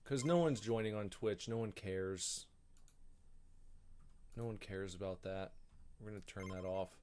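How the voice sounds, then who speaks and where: A man's voice: on the low side, measured pace, darkish tone, a little hiss or hum. A man giving casual, rambling commentary while streaming a video game, thinking aloud and grumbling as he goes. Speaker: gaming streamer.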